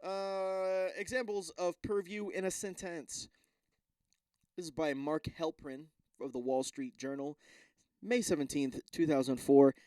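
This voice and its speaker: A man's voice: on the high side, fairly even intonation, a little slow, darkish tone, smooth, no room sound. A young man hosting a solo podcast, chatting casually and rambling, swearing often and stumbling as he reads text aloud. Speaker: podcast host.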